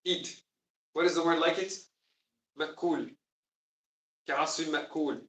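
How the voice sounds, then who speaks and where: A man with a fairly high voice teaches a lesson, pressing his points with emphasis and asking the class questions. He is recorded from across an echoey classroom. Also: steady tone, rapid-fire, a bit bright. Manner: emphatic, quizzes students. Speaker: Quran teacher. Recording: echoey room, distant mic.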